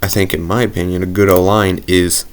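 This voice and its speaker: A man with a very low, deep voice talks through a football video game as he plays. He rambles, thinks aloud and jokes at his own expense in a loose, casual way. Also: flat delivery, brisk, smooth. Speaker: gaming commentator. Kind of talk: casual gameplay commentary.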